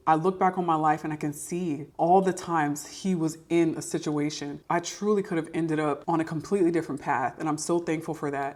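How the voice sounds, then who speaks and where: A young adult woman sharing a personal faith testimony to camera, earnest and encouraging. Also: sits low. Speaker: podcast host sharing testimony. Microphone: camera mic.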